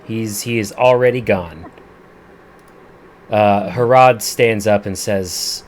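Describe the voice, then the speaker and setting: A man narrating and running a tabletop game as its game master, in a slow, measured way with small restarts. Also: fairly low pitch, a little hiss or hum. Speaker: dungeon master.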